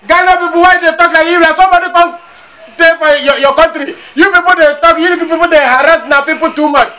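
A man's voice: very high-pitched, fairly even intonation, fast, bright, forceful tone. An actor playing an indignant Nigerian man in a comedy skit who complains about Ghanaians, speaking with a Nigerian Pidgin accent. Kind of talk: skit acting.

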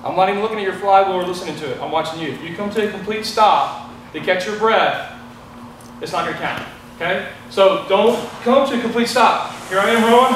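A man's voice: sits high, brisk, a bit bright, a little hiss or hum. A man with a Texan accent explaining a rowing test as an instructor, plain and repetitive, checking in with "okay?" as he demonstrates. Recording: echoey room from a distance.

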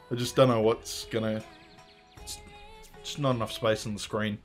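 A man's voice: fairly low pitch, little pitch movement, unhurried, faint music behind. A man streaming a video game, giving casual commentary in a joking, crude, rambling way.

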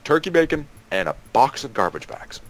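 A young man casually telling a work story to friends over voice chat, animated and acting out the people he quotes. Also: medium pitch, normal speed, a crowd in the background. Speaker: storyteller among gaming friends.

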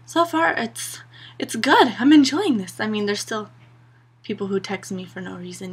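A woman's voice: fairly high pitch, lively intonation, normal speed, pauses often, husky. A young woman vlogging to her camera, a sarcastic and exasperated rant full of "like" and "you know". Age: young adult.

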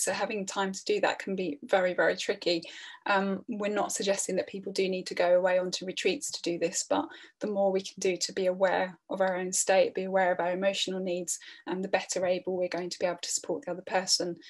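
A middle-aged woman presenting a training webinar in a calm, earnest way, often restarting her phrases. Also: mid-range voice. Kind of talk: online training talk.

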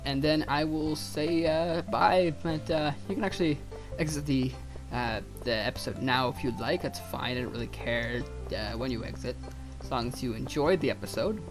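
A man talking loosely through a video game as he plays, thinking out loud and cursing freely. His voice sits at a middling pitch. Faint game music runs behind him. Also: moderate pace. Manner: rambling, swears freely, thinks aloud. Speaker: let's play gamer. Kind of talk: casual gameplay commentary.

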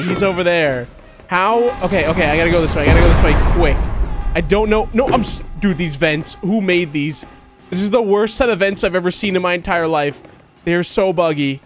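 A man hosting a horror game let's play, giving confused running commentary and bursting into excited yelps and laughter. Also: high-pitched. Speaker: gaming video host.

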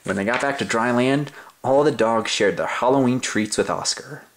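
A man's voice: mid-range voice, moderate pace, a little hiss or hum. A young man reading a children's story aloud in an overly silly, playful, exaggerated way. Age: young adult. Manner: playful, exaggerated, sing-song.

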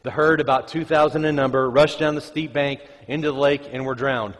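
A man's voice: medium pitch, steady tone, brisk. A man preaching a conversational sermon, reading scripture aloud and joking with the congregation. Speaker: pastor. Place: church sanctuary. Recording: reverberant church hall.

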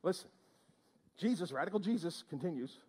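A man's voice: a little high, animated, fairly quick, a little mellow, slightly rough. A male pastor preaching a sermon in church, exclaiming and prodding the congregation with questions.

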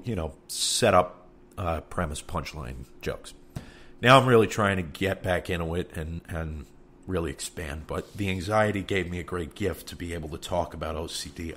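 A man's voice: deep voice, slight background noise. A man from New York with a New York accent, hosting a podcast in a candid, rambling monologue and cursing freely. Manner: frank and rambling, with frequent cursing. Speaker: podcast host.

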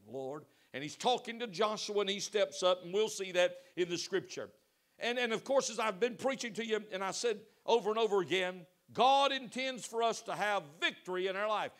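A man preaching a sermon to his congregation, swinging between loud exhortation and soft pleading and asking them direct questions. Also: high-pitched, expressive, a little fast. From United States. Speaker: pastor. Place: church sanctuary.

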